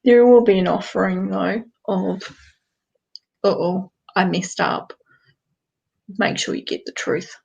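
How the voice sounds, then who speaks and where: Gravelly New Zealand woman reading cards. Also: medium pitch, takes it slowly, pauses often, a little mellow, muffled recording. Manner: direct, chatty, asks rhetorical questions. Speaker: card reader. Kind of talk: live-stream card reading.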